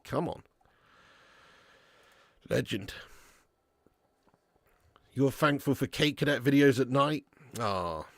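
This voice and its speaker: A young man reads chat messages aloud and commentates casually while hosting a live football watch-along. Outbursts of swearing and shouting at players give way to low mutters, and the recording is dry.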